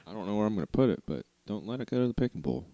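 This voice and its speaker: A man's voice: on the low side, animated, racing, mellow, no room sound, dull audio. A man co-hosting a car podcast, telling rambling stories in a laid-back way and laughing often. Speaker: podcast co-host. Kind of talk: casual chat.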